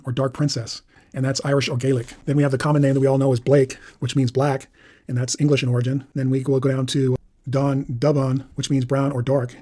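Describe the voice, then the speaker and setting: A man's voice: mid-range voice, dark tone. A man reading through a list of names and their meanings, explaining each in turn. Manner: plain, explanatory, reading aloud item by item.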